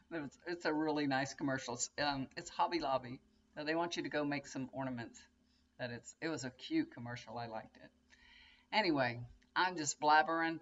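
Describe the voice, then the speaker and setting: An older woman vlogs from her home bedroom, a tarot reader chatting casually and meandering through anecdotes. Her voice is low and the sound is lo-fi.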